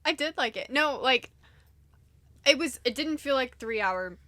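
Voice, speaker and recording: A woman's voice: sits high, lively intonation, measured pace, bright, forceful tone, no echo. A woman co-hosting a podcast, speaking candidly and a bit self-deprecatingly in casual chat. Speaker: podcast co-host. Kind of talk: casual chat among friends.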